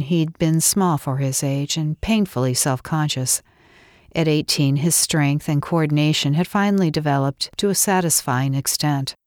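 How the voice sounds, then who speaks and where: A woman narrating a romance audiobook in a steady, intimate reading. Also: low-pitched, no room sound, clean studio sound. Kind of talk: scripted narration.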